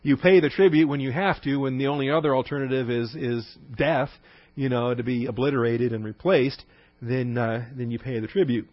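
A man's voice: mid-range voice, steady tone, brisk, no echo. A middle-aged man teaches a Bible lesson conversationally, explaining Greek terms with many fillers and frequent "all right?" check-ins. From Texas. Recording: dry, slightly dull recording.

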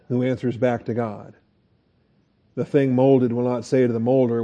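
A man's voice: mid-range voice, little pitch movement, normal speed, dark tone, lo-fi sound. A man teaching a Bible study lecture in a conversational way, asking the class questions and restarting his sentences.

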